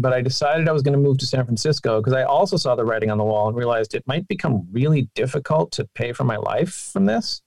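Man, interview guest, lively storyteller, mid-pitched, dry close sound. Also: dry recording. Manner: animated, with sudden pitch jumps. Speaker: guest, game sound designer and singer.

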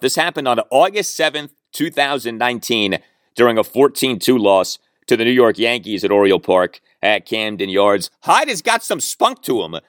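A man hosting a sports podcast, telling a story in an animated, amused way. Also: mid-range voice, no echo, clean studio sound. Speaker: podcast host. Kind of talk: casual sports chat.

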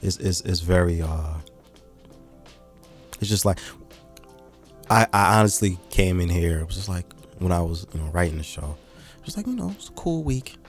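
A deep-voiced man riffs in loose, slangy podcast banter, his pitch rising and falling a lot. Faint music plays behind him. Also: normal speed, long pauses. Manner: slangy, animated, mocks others in a high squeaky voice. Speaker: podcast host. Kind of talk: casual podcast chat.

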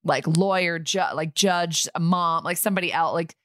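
A woman's voice: fairly low pitch, fairly even intonation, moderate pace, a bit bright, dry recording, clean studio sound. A woman in her thirties co-hosting a podcast, chatting bluntly and jokingly. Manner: blunt, joking, says like a lot. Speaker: podcast co-host. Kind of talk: casual chat.

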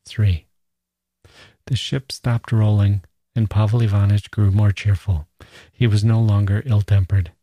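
A man hosting a podcast, reading a classic short story aloud in a measured storytelling manner. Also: lowish voice, level tone, dark tone, no echo. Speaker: podcast host and reader. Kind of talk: scripted literary reading.

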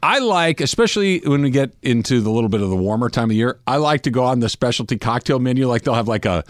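A man's voice: mid-range voice, quick pace, no echo, studio quality. A man co-hosting a sports radio show, chatting casually and animatedly, often repeating words as he builds his point. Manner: animated, repeats himself when making a point. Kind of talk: casual sports talk banter.

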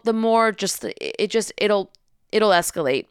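A young woman telling a story in a lively, casual way, acting out the people in it and swearing freely. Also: mid-range voice, normal speed, smooth, no echo, clean studio sound. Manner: animated, acts out voices, swears freely.

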